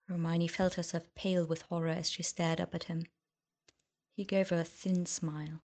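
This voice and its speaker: A woman reading fiction aloud as audiobook narrator, measured and subdued. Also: on the low side, flat delivery, darkish tone.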